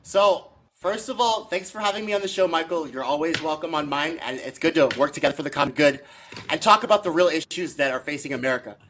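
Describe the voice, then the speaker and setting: Bright-voiced man arguing as a podcast guest. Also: a little high, quick pace, slight background noise. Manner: teasing, argumentative. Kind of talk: casual political chat.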